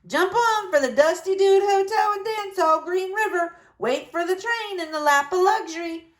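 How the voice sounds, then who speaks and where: A woman voicing a loud male sleigh driver hollering for passengers in a storybook. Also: very high-pitched, normal speed, voice pushed up. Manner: hollering, salesy.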